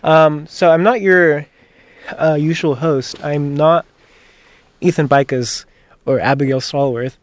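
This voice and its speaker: A man's voice: a little high, fairly even intonation, slow, long pauses. A young man filling in as a college radio host, out of breath, chatty and rambling, laughing often. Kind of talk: casual radio chat. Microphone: studio microphone with headphones.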